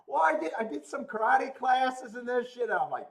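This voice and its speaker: A man hosts a betting livestream in loose, animated chat. His voice sits high and swings widely in pitch as he rants, stammers and laughs between thoughts. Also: moderate pace. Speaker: host of a horse racing betting livestream.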